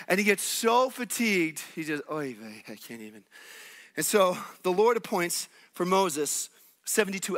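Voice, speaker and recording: Animated, playful male preacher. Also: high-pitched. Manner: animated, playful, acts out characters. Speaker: pastor. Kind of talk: sermon.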